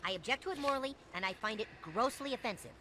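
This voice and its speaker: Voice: medium pitch, animated, fast, pushed and bright, slight background noise. An actor voicing an earnest, moralizing young cartoon boy who speaks formally. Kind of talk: TV cartoon acting.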